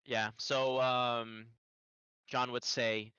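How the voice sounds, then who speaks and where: A man playing in a tabletop game who talks in a relaxed way. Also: mid-range voice, slow, clean tone, dry recording, muffled recording. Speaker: player. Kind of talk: casual tabletop play.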